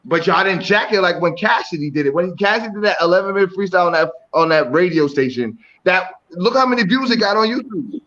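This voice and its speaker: A man with a high, bright-pitched voice talks hip hop over a dull, lo-fi call line. He is loud, profane and keeps repeating himself, tagging slang onto his lines in casual chat. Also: expressive, quick pace, hardly any pauses. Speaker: guest on a hip hop talk stream.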